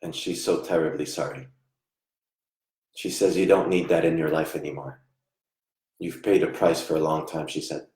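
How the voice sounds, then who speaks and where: A man giving a live online psychic reading, soft-spoken and halting, often trailing off quietly. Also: very deep voice, steady tone. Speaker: psychic medium. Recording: echoey room.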